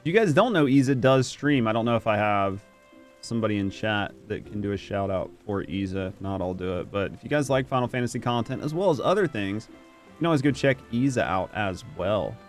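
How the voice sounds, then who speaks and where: A man's voice: lowish voice, expressive, fairly quick, faint music behind. Joking male game streamer. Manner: loose and joking, swears, reads game text aloud. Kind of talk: casual let's-play commentary.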